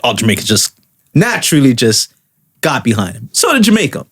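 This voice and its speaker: A male podcast co-host who talks in a loose, rambling way and keeps restarting his sentences. His pitch swings widely from phrase to phrase. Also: big pitch swings, fairly quick, fairly bright tone, breathy edge. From Toronto, Canada. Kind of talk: casual podcast chat.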